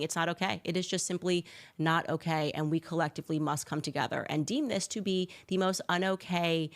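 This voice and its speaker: Sarcastic, scornful woman commentator. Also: on the low side. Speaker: political commentary host. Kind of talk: opinionated commentary.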